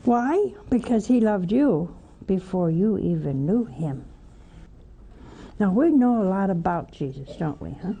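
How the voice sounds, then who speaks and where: A woman's voice: mid-range voice, lively intonation, measured pace, narrow, tinny audio, a little hiss or hum. A woman, a religious sister, preaching a spiritual talk in a folksy storytelling way, with rhetorical questions to her listeners. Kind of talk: homily-style spiritual talk.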